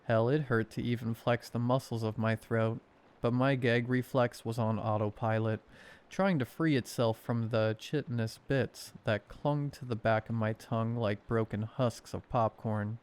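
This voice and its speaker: A man narrating a horror story in a wry, sardonic way, read as a calm bedtime scary story. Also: mid-range voice, normal speed, clean tone.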